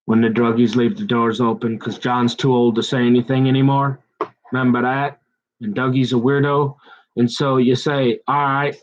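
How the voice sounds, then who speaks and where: A man's voice: mid-range voice, level tone, moderate pace, a little mellow, lo-fi sound. Rambling chatty male preacher. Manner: digressive, chatty, self-mocking. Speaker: pastor. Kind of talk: sermon with rambling personal story.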